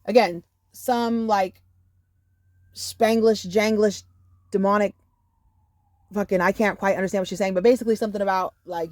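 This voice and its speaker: A woman telling a casual storytime monologue to camera, animated and profane, with many "you know"s. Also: medium pitch, normal speed, pauses often, no echo. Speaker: storyteller vlogger.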